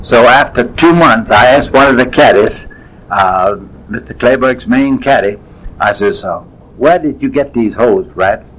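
A man, telling folksy stories from his past in a rambling, unhurried way. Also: medium pitch, a bit bright, low-quality recording. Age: 80s. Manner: folksy, unhurried, drifting with fillers and self-corrections. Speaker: storyteller. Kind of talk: rambling spoken reminiscence.

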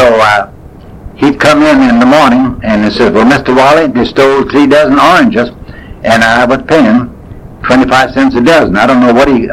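Husky old man telling stories. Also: mid-range voice, poor audio. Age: 80s. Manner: folksy, unhurried, drifting with fillers and self-corrections. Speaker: storyteller. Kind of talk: rambling spoken reminiscence.

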